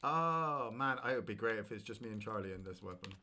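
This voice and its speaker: A man streaming a video game and chatting casually, rambling and breaking into sudden excited shouts at the game. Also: lowish voice, a little fast. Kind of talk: casual chat while gaming.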